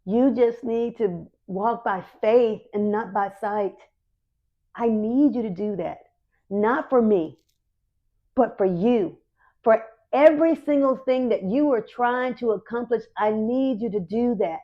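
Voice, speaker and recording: Her voice is a little high and measured as this middle-aged podcast host delivers a heartfelt, encouraging talk on faith, echoing key phrases to stress them. She sounds emotional, close to tears, and the recording has its highs cut off.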